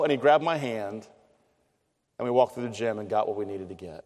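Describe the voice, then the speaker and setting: A man's voice: fairly low pitch, expressive, a little fast, darkish tone. A middle-aged man preaching a sermon, telling a story in an earnest, conversational way. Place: chapel. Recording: long hall reverb.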